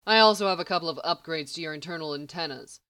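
A woman reading the lines of a sharp-tongued, impatient genius man who snaps commands. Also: sits low, fast talker. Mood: brisk. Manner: snappish, commanding.

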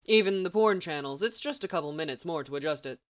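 A woman reading the lines of a sharp-tongued, impatient genius man who snaps commands. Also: deep voice, expressive, fast talker. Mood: dry. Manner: snappish, commanding.

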